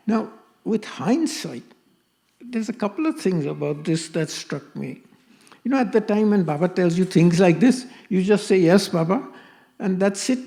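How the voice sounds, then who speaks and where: A man's voice: a little high, creaky, warm tone. An older man from Pakistan telling stories at a spiritual gathering, acting out the dialogue he quotes. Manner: anecdotal, acts out quoted dialogue. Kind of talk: storytelling talk.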